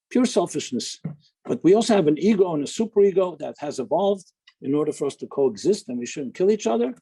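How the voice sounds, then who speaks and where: Rabbi, male, relaxed informal talk, husky timbre, chatty storyteller. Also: mid-range voice, low-quality recording. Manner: chatty, digressive storyteller with humor.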